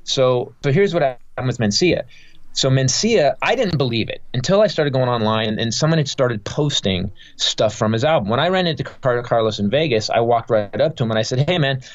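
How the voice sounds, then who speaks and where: A man's voice: medium pitch, expressive, fairly quick, dry recording. A male comedian, a guest on a podcast, telling a heated story with lots of cursing and stop-start restarts. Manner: profane, heated, rambling with many restarts. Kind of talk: casual podcast interview storytelling. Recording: dull, dry podcast audio.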